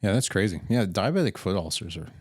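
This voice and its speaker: A man's voice: low voice, animated, quick pace, slightly rough, no room sound, studio quality. A man co-hosting a podcast about emergency medical work, laid-back and slangy, giving short reactions. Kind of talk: casual chat.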